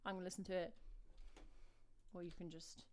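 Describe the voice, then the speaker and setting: A woman's voice: on the low side, little pitch movement, fairly quick, a little hiss or hum. An English woman in her thirties, chatting casually to viewers on a music livestream in a self-mocking, rambling way, dropping her T's. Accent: English, drops T's. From England. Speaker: streamer and singer-songwriter.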